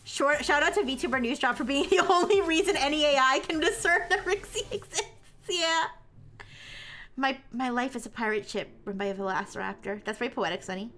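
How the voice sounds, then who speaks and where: Bright high-voiced woman streamer, rambling chat. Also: fairly quick, soft background music. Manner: rambling, self-interrupting, laughs often. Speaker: livestream host. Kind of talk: casual live-stream chat.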